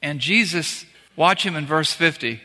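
Bright-voiced preacher in a reverberant hall. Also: male voice, fairly high pitch, a little slow. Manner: conversational preaching, walking through scripture verse by verse; punchy emphatic repetitions. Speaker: pastor. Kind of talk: sermon. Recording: long reverb of a large hall.

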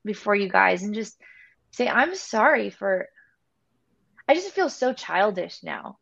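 Emotional halting woman, lo-fi. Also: mid-range voice, sing-song, vocal fry, a bit bright. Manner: emotional, halting, many restarts. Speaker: podcast co-host. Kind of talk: candid faith chat. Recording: dull lo-fi sound.

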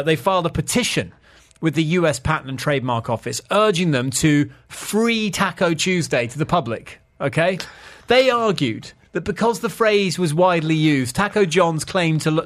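A man's voice: a little high, lively intonation, moderate pace. A man hosting a podcast, chatting as he tells a history segment. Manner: chatty, storytelling. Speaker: podcast host. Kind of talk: casual chat, telling a history segment.

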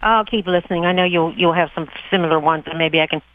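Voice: medium pitch, quick pace, phone-quality sound. A caller on a radio advice show, talking in a rambling, hesitant way with many fillers. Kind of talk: phone-in conversation.

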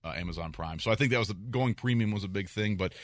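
A man's voice: on the low side, quick pace, no echo. Chatty man on a dry studio mic. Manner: animated storyteller, acts out quoted lines. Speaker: radio show co-host. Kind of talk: casual chat.

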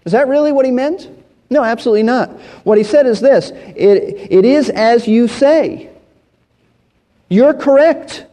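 High-voiced man teaching the Bible in a reverberant hall. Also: dark tone. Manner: explanatory, repeats words and restarts phrases.

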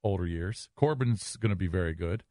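A man co-hosting sports talk radio, laying out his points in a measured way. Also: deep voice, mellow, dry recording, studio quality.

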